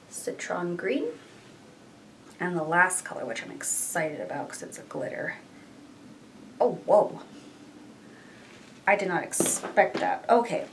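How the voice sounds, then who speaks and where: A woman's voice: medium pitch, far from the mic, slight background noise, rough recording. A young woman chatting casually through a makeup tutorial, thinking aloud and trailing off. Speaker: beauty vlogger.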